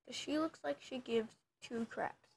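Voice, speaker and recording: A woman chats casually to the camera as she teases her pet. Her voice sits a little high and carries a gravelly fry. She talks slowly, in a playful, teasing way. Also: a little mellow. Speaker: vlogger filming her dog. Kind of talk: casual chat.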